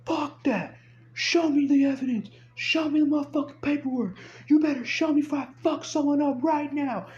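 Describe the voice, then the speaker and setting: A man voicing an angry grown man who yells and curses about his truck, on dull lo-fi phone audio. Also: normal speed. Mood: yelling furious. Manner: shouting, cursing, shrill. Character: furious yelling grown man, truck owner.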